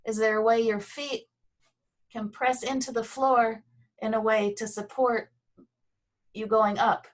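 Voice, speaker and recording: A woman leads a slow, gentle movement and voice lesson. She speaks over a video call, pausing between cues. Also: fairly high pitch, fairly even intonation. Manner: gentle, slow guiding with pauses. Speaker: Feldenkrais movement instructor.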